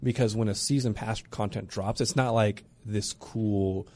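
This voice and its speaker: Low-voiced man reminiscing about games. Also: steady tone, unhurried, dark tone. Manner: nostalgic, chatty with fillers. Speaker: podcast co-host. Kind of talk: casual gaming chat.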